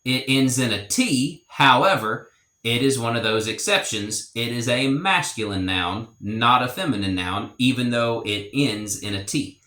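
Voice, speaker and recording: Slow, deliberate man teaching a lesson. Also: medium pitch, expressive, sharp tone, echoey room. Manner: slow, deliberate, repeats example phrases. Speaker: language teacher. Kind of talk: explanatory language lesson.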